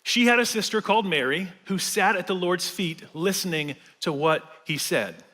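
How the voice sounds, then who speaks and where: Bright-voiced man preaching in a big church. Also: high-pitched, expressive, normal speed. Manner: casual, conversational preaching with fillers and humor. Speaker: pastor. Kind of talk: sermon. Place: large church hall. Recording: reverberant church sanctuary.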